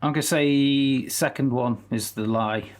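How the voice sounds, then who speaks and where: A man of middling pitch co-hosts a casual film podcast. He rambles agreeably, circling back and repeating phrases as he finds his point. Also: a little slow. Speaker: podcast co-host.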